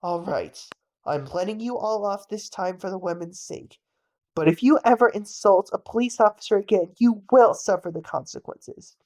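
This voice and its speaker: A woman's voice: medium pitch, normal speed, a little mellow, pitched below the performer's own voice, lightly acted. Barking bully policeman, as a woman reads him. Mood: threatening. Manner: threatening, barking. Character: harsh bullying wartime policeman. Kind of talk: bedtime-story audiobook reading.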